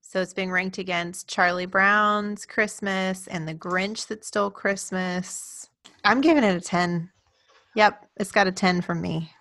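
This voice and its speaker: A woman's voice: medium pitch, fairly even intonation, measured pace, a bit bright. A woman co-hosting a casual podcast chat, speaking enthusiastically and giggling. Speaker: podcast co-host.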